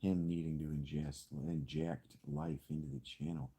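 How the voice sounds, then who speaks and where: A man's voice: rumbling low, big pitch swings, normal speed, gravelly, mellow, breathy edge. A man chatting casually while he streams a video game, rambling and swearing with bursts of laughter. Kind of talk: casual gameplay stream chat.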